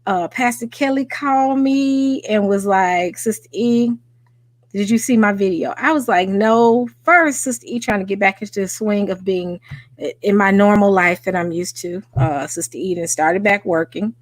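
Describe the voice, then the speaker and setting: A woman with a Southern US accent hosting a casual livestream, excitable and chatty though tired after a workday. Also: medium pitch, moderate pace, dry recording. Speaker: livestream host. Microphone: home microphone.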